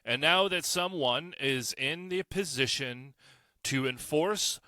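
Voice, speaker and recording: A man's voice: a little high, takes it slowly, sharp tone, no echo. A man hosting a solo podcast, giving blunt, profane and sarcastic opinions in a heated tone. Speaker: podcast host.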